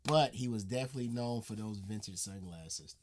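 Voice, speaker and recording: A man hosting a reaction video, chatting casually with animated exclamations. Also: lowish voice, a little fast.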